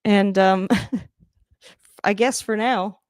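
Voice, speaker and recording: Speaking very slowly in a clear, resonant, medium-pitched voice, a woman hosts a livestream reacting to football from her home, shifting around in front of the camera. The sound is studio quality with no echo. Her casual commentary is rambling and chatty, full of laughter and abrupt excited outbursts.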